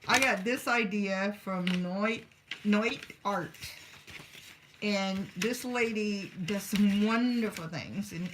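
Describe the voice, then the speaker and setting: A chatty woman talks her way through a crafting session at home, wandering from one thought to the next and muttering to herself as she works. Her voice sits at an easy middle pitch, and a faint hiss runs under the recording. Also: a bit bright. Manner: rambling, chatty, talks to herself while working. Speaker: craft vlogger. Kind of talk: casual crafting chat.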